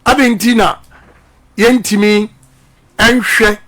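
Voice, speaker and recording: A man's voice: sits high, fairly even intonation, slow, fairly bright tone. A middle-aged Ghanaian man speaking emphatically in a radio interview, repeating his points like a preacher. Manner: repetitive, emphatic, preaching-style delivery. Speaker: politician.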